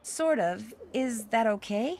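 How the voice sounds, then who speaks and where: A young American detective who haggles in a dry, unimpressed way. Her voice is fairly high and swings lively up and down. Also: slow, slight background noise. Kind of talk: video game character dialogue.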